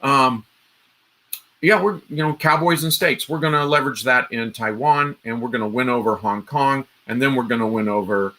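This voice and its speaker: A man's voice: medium pitch, normal speed, bright, forceful tone. A man hosting a live stream, giving casual political commentary in a rambling way, with frequent restarts and asides to his viewers. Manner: rambling, restarts often, talks straight to viewers.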